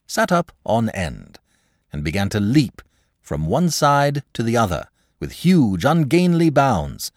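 A man narrating a classic tale in a highly expressive, dramatic storytelling manner. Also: dry recording, studio quality.

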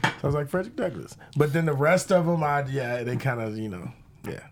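A man chatting casually in a group, relaxed, joking and rambling. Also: medium pitch, brisk, background noise. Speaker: actor guest.

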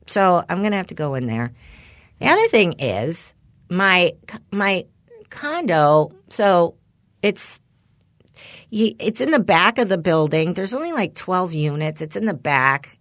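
A middle-aged woman co-hosting a podcast, telling a rambling story in casual chat and putting on animated voices when she quotes people. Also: fairly low pitch, unhurried, no room sound, studio quality. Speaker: podcast co-host.

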